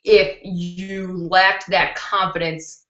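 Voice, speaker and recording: A woman's voice: fairly low pitch, little pitch movement, extremely slow, pushed and bright. Chatty young woman on a laptop mic. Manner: chatty and candid, laughs easily, many fillers. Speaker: beauty channel host. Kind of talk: casual live-stream chat answering viewer questions. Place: indoors at home. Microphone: built-in computer mic. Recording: dull, roomy laptop-mic recording.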